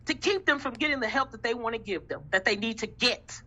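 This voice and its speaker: A woman's voice: fairly high pitch, expressive, fairly quick, pushed and bright, husky, dull audio. A woman giving an impassioned testimony in a faith discussion, emphatic and repetitive with a preaching cadence. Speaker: group discussion member.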